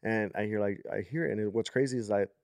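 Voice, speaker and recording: A man's voice: on the low side, fast talker, a little mellow, dry recording, clean studio sound. A man in his thirties hosting a podcast, telling a long story in a casual, rambling way with lots of fillers. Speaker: podcast host.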